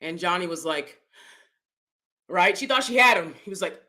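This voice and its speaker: Lively, bright-voiced woman host. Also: normal speed. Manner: animated, conversational, often asks "right?"; jumps into high mocking voices. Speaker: commentary channel host. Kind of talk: casual opinion commentary.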